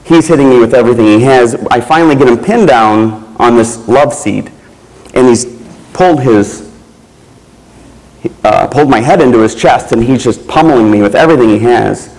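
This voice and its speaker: Guy giving a keynote, telling his own story, slow and measured with pauses, middle pitch. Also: a little mellow, low-quality recording. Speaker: keynote speaker. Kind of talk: personal storytelling speech.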